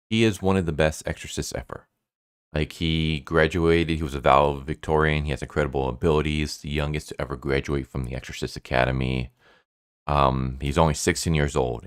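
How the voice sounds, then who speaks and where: A man's voice: extremely low pitch, smooth, dry recording, studio quality. A man giving a casual, rambling plot recap of a manga, full of "like" fillers. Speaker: manga reviewer.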